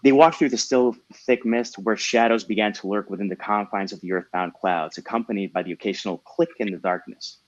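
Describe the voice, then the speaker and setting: Low-voiced man reading his novel aloud. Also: brisk, few pauses. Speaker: host and author. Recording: dull lo-fi mic, dry.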